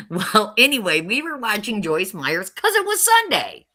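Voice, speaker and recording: A woman's voice: medium pitch, sing-song, takes it slowly, sharp tone. A middle-aged woman telling her life story casually and candidly, often laughing wryly. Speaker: mother telling her testimony.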